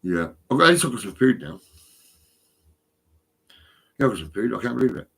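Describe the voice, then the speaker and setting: Husky, rambling, profane middle-aged Englishman. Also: mid-range voice, sing-song, brisk, fairly bright tone. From England. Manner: rambling, profane, agitated, swings between mumbling and outbursts. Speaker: vlogger. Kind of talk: rambling monologue to camera. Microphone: phone.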